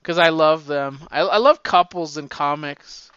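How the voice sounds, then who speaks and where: A man's voice: fairly high pitch, a little slow, sharp tone, clean tone, no room sound, lo-fi sound. A man talking casually and at length about comic books, rambling with stammered restarts and swearing freely. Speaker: comic book fan talking to a friend. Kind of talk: casual chat.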